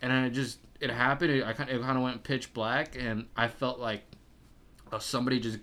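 A twenty-year-old man, a podcast guest, telling a story in casual chat, swearing freely, animated and laughing often. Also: medium pitch, fairly quick.

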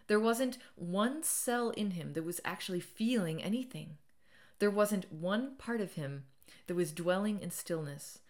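A woman reading her own memoir aloud as an audiobook, dramatic, rising loud at times and falling nearly to a whisper. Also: on the low side. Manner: dramatic, swells loud and drops to near whisper.

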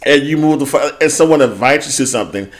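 A man's voice: mid-range voice, fast talker. Swearing, laughing podcast co-host man. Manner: profane, animated, laughs often. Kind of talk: casual chat recapping reality TV.

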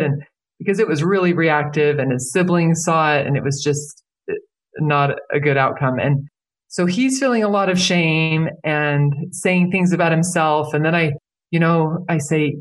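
A woman's voice: low voice, normal speed. A woman who works as a life coach, speaking earnestly as a podcast interview guest and repeating key phrases for emphasis.

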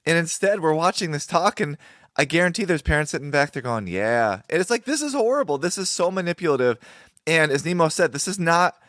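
A man's voice: a little high, animated, quick pace, a bit bright, dry recording, clean studio sound. A man in a casual discussion over a video call, emphatic and indignant. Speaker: podcast co-host.

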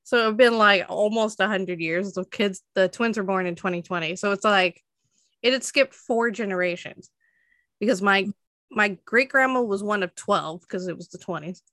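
Casting note: twenties woman, bright and dry, chatty storyteller who laughs a lot. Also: medium pitch, moderate pace, no room sound. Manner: chatty storytelling, laughs often, many fillers. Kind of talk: casual chat.

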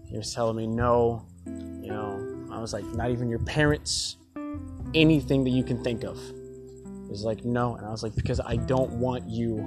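A man's voice: medium pitch, fairly even intonation, moderate pace. A young man talking through a rambling, heated personal confession, with frequent restarts and swearing. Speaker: store worker venting. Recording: loud guitar music behind the voice.

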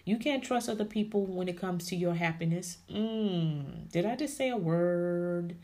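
A woman's voice: on the low side, unhurried, warm tone. A woman hosting a podcast, giving an emphatic, preachy faith-based motivational talk and calling her listeners ladies and honey. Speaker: podcast host.

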